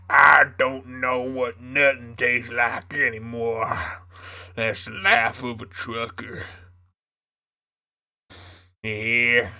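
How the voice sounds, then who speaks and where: A man voicing a cranky, boastful male trucker with a put-on Southern drawl, gruff and slow, speaking into a streaming mic at home. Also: mid-range voice, sharp tone, full character voice. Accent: put-on American Southern.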